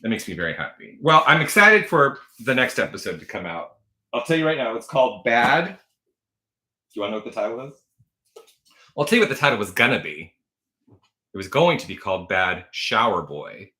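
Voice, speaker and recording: A man's voice: mid-range voice, sing-song, fairly quick, pauses often, bright, forceful tone. A man in his forties hosting a casual livestream from home, chatty and gushing, laughing often and answering viewer comments. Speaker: livestream host.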